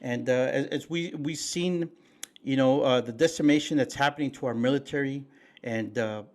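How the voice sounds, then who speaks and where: A man's voice: medium pitch, moderate pace. Man, folksy, preachy, fillers and restarts, co-host chat. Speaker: podcast co-host. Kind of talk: casual political chat.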